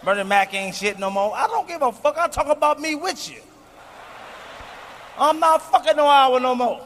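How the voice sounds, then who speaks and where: A man in his forties doing a profane, boastful stand-up routine on stage, shouting his punchlines. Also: very high voice, moderate pace. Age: 40s. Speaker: stand-up comedian. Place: comedy stage before a live audience. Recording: live hall recording with faint noise.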